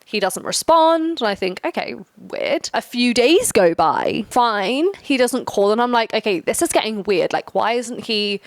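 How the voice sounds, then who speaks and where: A woman's voice: a little high, lively intonation, dry recording. Chatty young woman telling a story. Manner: chatty, quick, lots of "like" fillers. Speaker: storytime host. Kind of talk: casual storytime chat.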